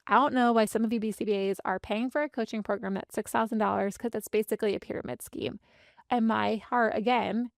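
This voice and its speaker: A woman in her thirties gives a candid, heartfelt podcast monologue. Her voice sits a little high and carries a gravelly fry. The sound is dry and close, with no room in it. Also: no echo. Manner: earnest, heartfelt, speeds up and slows down for emphasis. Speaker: podcast host and business coach.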